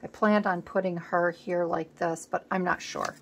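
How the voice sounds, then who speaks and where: A woman hosting a collage video, chatting casually as she works at a home craft table, rambling and thinking aloud, sometimes dropping to a soft murmur. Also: fairly low pitch, fairly even intonation, normal speed, vocal fry, a little hiss or hum. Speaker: collage artist host.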